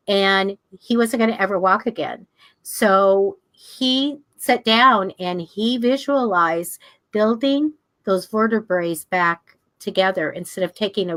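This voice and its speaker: An older woman teaching a class, telling stories in a chatty, animated way and jumping high in pitch when she acts out the people she quotes. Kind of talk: casual storytelling to a class.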